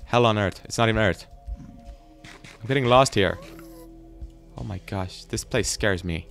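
A young man giving jumpy, frightened let's play commentary, often breaking into loud exclamations. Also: lowish voice, unhurried, gravelly, faint music behind. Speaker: gaming YouTuber.

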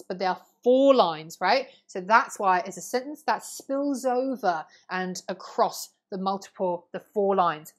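A young adult woman explaining a lesson to students, clear and patient, step by step. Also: mid-range voice. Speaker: teacher.

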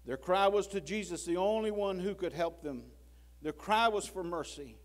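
A man preaching a sermon in a church, swinging from loud pleading to hushed low tones and acting out prayers and God's words. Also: moderate pace. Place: church sanctuary.

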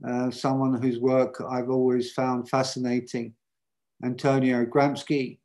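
Slow, level-voiced man. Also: mid-range voice, monotone, darkish tone. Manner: hesitant, many fillers and restarts. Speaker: film director guest on a panel. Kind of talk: thoughtful panel discussion answer.

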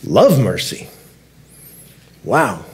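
A man preaching a sermon as lead elder in a church, earnest, repeating key words and slowing down to stress them. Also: mid-range voice, wildly swooping pitch. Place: church sanctuary.

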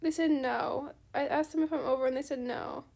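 A young woman with a high voice that drops into a gravelly fry, chatting casually over gameplay. She talks in a loose, rambling way, often saying sorry and perking up at new things. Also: brisk. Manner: chatty, apologetic, easily excited. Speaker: gaming channel host.

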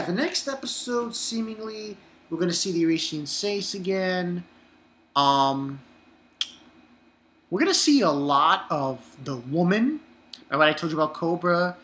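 Male reviewer, bright tone, casual and profane, rambles and chuckles. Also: fairly high pitch. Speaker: anime episode reviewer.

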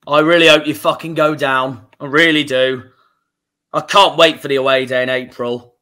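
A man's voice: a little high, steady tone, normal speed, pushed and bright. Angry swearing Cornish man. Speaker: football fan channel host. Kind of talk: emotional livestream reaction.

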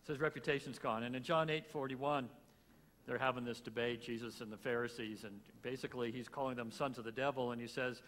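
A man's voice: medium pitch, a bit bright. A man closing a church sermon, speaking plainly and reflectively, then leading the congregation in prayer. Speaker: pastor. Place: church sanctuary. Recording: hall reverb with faint room noise.

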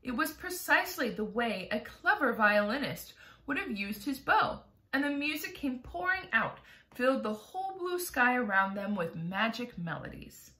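A woman reading a children's chapter book aloud, expressive and animated. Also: on the high side, normal speed. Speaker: storybook reader. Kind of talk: storybook read-aloud. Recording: roomy echo.

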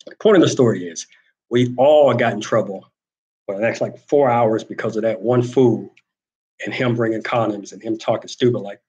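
A man's voice: mid-range voice, muffled recording. A man hosting a casual talk show, telling an army story with quoted voices and reading viewer comments. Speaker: host.

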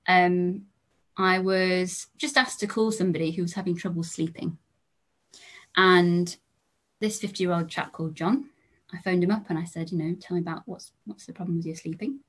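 Calm English woman telling clinical stories. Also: on the low side, breathy edge. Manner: calm, measured, with soft trailing endings. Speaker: lecturer, GP trainee. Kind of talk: storytelling lecture.

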